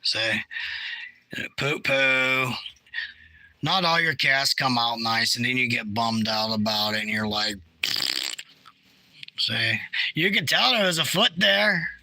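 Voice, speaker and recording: A middle-aged man casually chatting about his field photos, animated, jokey and blunt. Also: mid-range voice, slow, long pauses, slight background noise, rough recording. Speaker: bigfoot researcher.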